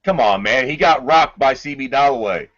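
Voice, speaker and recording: A man's voice: mid-range voice, animated, moderate pace, a bit bright, muffled recording. A man co-hosting a podcast, giving blunt, profane opinions in casual sports banter. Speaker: podcast co-host.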